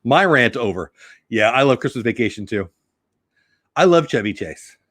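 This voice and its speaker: A chatty man hosts a live news stream, reading headlines and greeting viewers in the chat by name. His pitch sits in the middle range for a man. The sound is dry and close, with little room around it. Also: animated, moderate pace, fairly bright tone, no echo.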